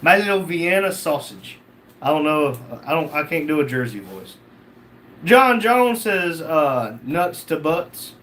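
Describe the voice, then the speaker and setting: A man's voice: fairly high pitch, big pitch swings, measured pace, fairly bright tone, a little hiss or hum. A man hosting a casual livestream, reading out chat comments and joking back.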